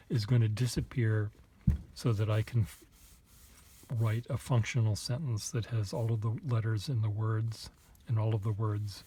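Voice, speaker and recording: A man's voice: fairly low pitch, mellow, slight background noise. Musing, self-deprecating man vlogger. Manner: halting and self-deprecating, muttered asides. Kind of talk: casual thinking aloud to camera.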